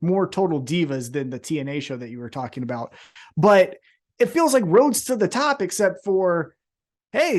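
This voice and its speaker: A man co-hosting a wrestling podcast, ranting with heavy swearing and mocking put-on voices. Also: high-pitched. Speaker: podcast co-host. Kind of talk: profane ranting wrestling chat.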